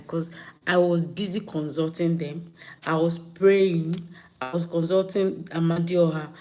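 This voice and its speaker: A woman's voice: on the low side, a little mellow. A woman hosting a casual livestream, chatting with viewers and greeting them by name. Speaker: livestream host.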